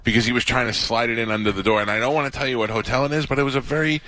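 A man hosting a radio talk show, telling stories in a casual, animated way. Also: mid-range voice, racing, no room sound. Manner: storytelling, animated quotes.

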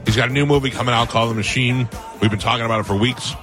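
A man's voice: medium pitch, steady tone, very fast, music in the background. A man hosting a radio show, joking and chatting with a guest in a chummy way. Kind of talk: casual radio banter. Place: radio studio.

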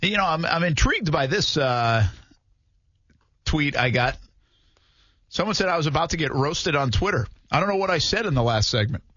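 A man's voice: a little high, expressive, normal speed, long pauses, pushed and bright, no echo, muffled recording. A man hosting a sports radio show, chatting easily with his co-hosts and reading out listener messages from a studio microphone. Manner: easygoing, chuckling, reads listener messages. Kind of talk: casual sports talk radio banter.

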